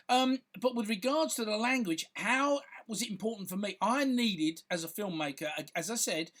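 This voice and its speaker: A man's voice: high-pitched, fairly bright tone. A man, a filmmaker talking casually to camera in a rambling, chatty way, full of fillers and restarts. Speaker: filmmaker and content creator.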